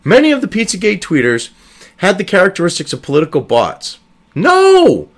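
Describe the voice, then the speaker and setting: Male commentary host, slightly high and very animated pitch; reads text aloud, then breaks into foul-mouthed, sarcastic outbursts. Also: fast. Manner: profane, sarcastic and exasperated. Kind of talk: ranting commentary reading an article aloud.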